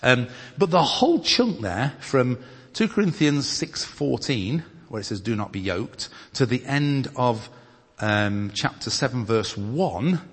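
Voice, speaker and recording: A man from northern England preaching and leading group discussion in a church hall, lively and emphatic as he reads scripture. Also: mid-range voice, breathy edge. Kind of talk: teaching sermon with group discussion. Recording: long hall reverb.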